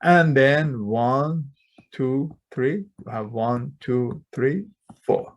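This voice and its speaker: A man's voice: medium pitch, extremely slow. A man teaching a chemistry class, constantly quizzing students with rhetorical questions and speaking with non-native grammar. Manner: non-native grammar, dropped plurals and articles. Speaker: chemistry lecturer. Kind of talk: classroom lecture. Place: lecture hall.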